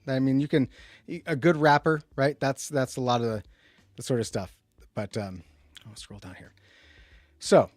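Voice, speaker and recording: A man hosting a casual tech livestream. He rambles and restarts a lot, jumping between loud emphatic bursts and low muttered asides. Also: no room sound. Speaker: livestream host.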